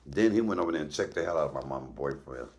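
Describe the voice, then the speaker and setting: A middle-aged male comedian telling blunt, profane stories in a casual, animated way while cooking. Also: a bass voice, racing. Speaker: comedian and cooking show host.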